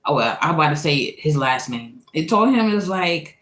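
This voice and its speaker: A woman from Louisiana, telling a personal story in a casual, animated and profane way, laughing often. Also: deep voice, normal speed. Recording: echoey room.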